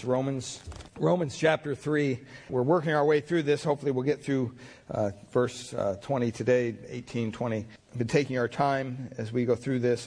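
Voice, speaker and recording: A man's voice: mid-range voice, darkish tone, husky. A male pastor preaching a sermon in a conversational, folksy manner, telling stories with fillers.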